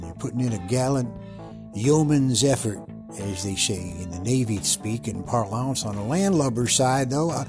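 A man voicing a boastful, rambling Old West frontier showman who talks about himself in the third person, with a husky voice. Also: mid-range voice, lightly acted.

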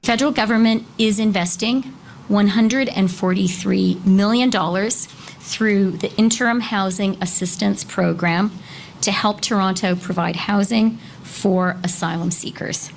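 A woman politician making a measured, formal public announcement. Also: medium pitch, steady tone, vocal fry, a little hiss or hum.

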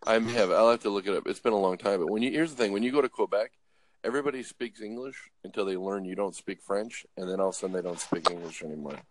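A man's voice: lowish voice, fast talker, slight background noise. A man who drives trucks, telling jokey, rambling stories in a casual chat. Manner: rambling, jokey, lots of uh and restarts. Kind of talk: casual joking storytelling.

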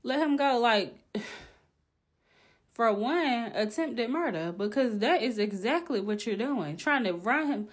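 A woman's voice: on the high side, expressive, takes it slowly. A young woman hosting a podcast, telling a candid, exclaiming storytime with plenty of swearing. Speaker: podcast host. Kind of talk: casual storytime monologue.

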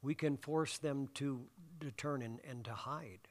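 Guy preaching a sermon in a church, chatty, lots of ums and uhs, middle pitch. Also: unhurried. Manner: conversational, asks the congregation questions, many fillers. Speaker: pastor. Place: church sanctuary.

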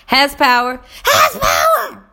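A woman voicing a sixth-grade boy who yells a chanted mantra at the top of his lungs, laughing as she shouts. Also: high voice, voice pushed up, heavily acted.

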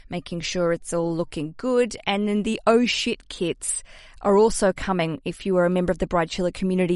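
A woman's voice: on the low side, no echo. Australian woman, 30s, podcast host. Chatty, self-deprecating, casual swearing. Dry, close sound. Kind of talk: casual solo podcast chat.

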